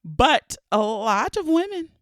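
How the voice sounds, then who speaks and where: Pitched high and taking it slowly, a woman in her thirties hosts her own podcast in a casual monologue, recorded with no room sound. A little stuffy from allergies and close to the mic, she's chatty, playful and animated, laughing frequently.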